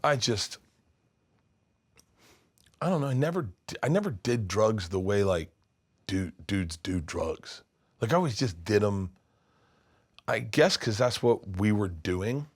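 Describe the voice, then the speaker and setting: A middle-aged man, a comedian, telling animated stories in an interview, acting out voices and laughing loudly. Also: on the low side, a little slow, long pauses, breathy edge. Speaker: comedian guest. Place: his studio.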